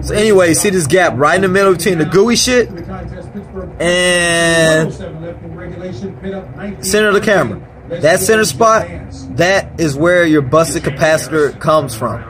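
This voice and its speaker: Fixing a console's power supply on camera, this vlogger talks casually but angrily, rambling and cursing nonstop in a profane repair video. His voice is on the high side, a little slow, broken by long pauses, and a crowd can be heard behind him.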